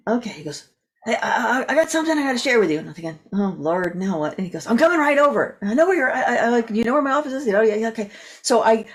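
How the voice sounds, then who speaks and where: A woman guest on a talk show, animated as she tells a story and acts out the voices of the people in it. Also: medium pitch. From California. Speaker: guest coach. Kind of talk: storytelling in an interview.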